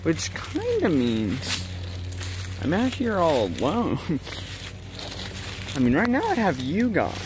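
A giggly vlogger talks slowly and unhurriedly, with a very lively, bouncy pitch. Outdoor nature noise comes through clearly on the camera mic. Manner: giggly, joking, talking to viewers. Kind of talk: rambling solo hiking vlog. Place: outdoors in woods. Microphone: handheld camera mic.

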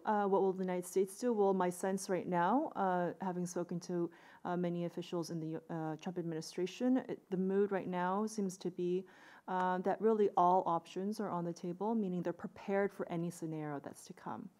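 Woman panelist, mellow lowish voice. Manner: analytical, many fillers and restarts. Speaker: conference panelist. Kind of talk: conference panel talk.

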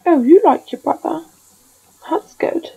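A woman's voice: high-pitched, measured pace, vocal fry, mellow, rough recording. A woman giving casual commentary while she plays a life-simulation game, scolding and coaxing her characters like a fussing parent. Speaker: gaming video creator.

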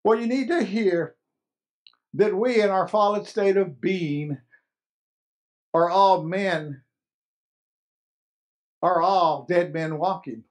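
A man's voice: high-pitched, slow pace, pauses often. A man preaching a sermon as pastor, earnest and emphatic, repeating key phrases.

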